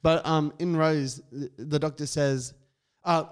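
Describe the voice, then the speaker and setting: A fairly high-voiced man co-hosting a casual fan podcast. He gives opinions freely, hedging with ums and restarts as he goes. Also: steady tone, takes it slowly. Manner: opinionated, hesitant with many fillers. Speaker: podcast co-host.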